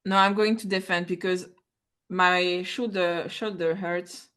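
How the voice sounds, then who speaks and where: A woman playing a tabletop game, talking in an animated, hesitant way and often exclaiming. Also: fairly low pitch, a little slow, smooth. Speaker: player.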